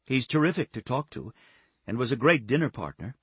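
A man's voice: medium pitch, lively intonation, brisk, slightly rough, no echo. A man voicing Kate, a modest woman answering politely and sincerely, in a storybook reading.

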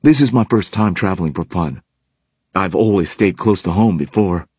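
A man reads as a reserved young man in a storybook, with dry, deadpan humor. The voice is very low and husky. It sounds dry and close. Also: normal speed, dry recording.

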